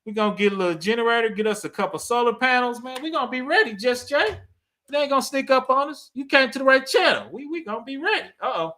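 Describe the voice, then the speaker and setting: A man's voice: extremely high pitch, animated, fast, sharp tone. A middle-aged man hosting a cybersecurity livestream, chatting casually with his viewers, laughing often and checking in with "right?". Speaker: cybersecurity channel host. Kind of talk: casual livestream commentary reading chat.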